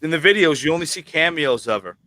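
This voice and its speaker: A man's voice: a little high, animated, quick pace, bright, forceful tone, no room sound. A man from New York with a New York accent, joking and swearing casually as host of a livestream chat.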